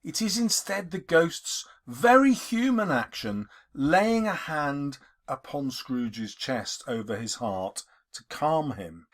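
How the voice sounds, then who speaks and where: A male English teacher giving a literature lesson, explaining in an emphatic, expressive way. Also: a little high.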